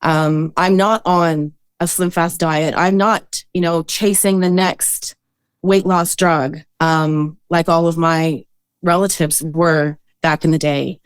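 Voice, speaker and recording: A woman who works as a boudoir photographer, guest on a podcast, talking in an earnest, reflective way with frequent pauses and hesitations. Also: low-pitched, fairly even intonation, smooth, no echo. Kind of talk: casual interview talk.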